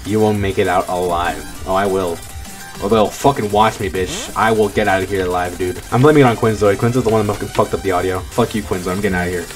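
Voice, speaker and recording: A man's voice: lowish voice, quick pace, few pauses. A man giving casual gameplay commentary, frustrated, swearing, and talking himself down. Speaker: gaming video creator. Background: faint game music.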